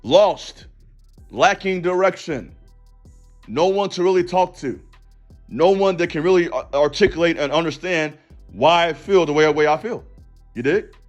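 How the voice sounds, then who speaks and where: Slightly high-voiced male commentator, fiery and blunt, slangy preacher cadence, faint music underneath. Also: unhurried, long pauses. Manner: emphatic, preachy, slangy and direct. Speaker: YouTube commentator and counselor. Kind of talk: passionate commentary monologue.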